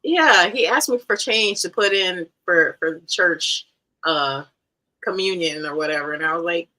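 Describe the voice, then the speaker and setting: Woman rambling through a story on a live stream, bright sharp voice. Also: on the low side, measured pace, low-quality recording. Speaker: co-host. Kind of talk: casual live-stream chat.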